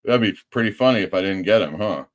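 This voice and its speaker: A man's voice: on the low side, expressive, fast. A man hosting a livestream show as a comic shop owner, chatty and self-mocking. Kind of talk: casual livestream talk.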